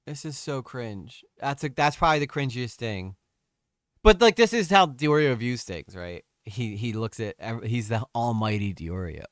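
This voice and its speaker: A man's voice: mid-range voice, lively intonation, moderate pace, no room sound, studio quality. A man commenting on a stream, crude and exasperated, mocking what he reads.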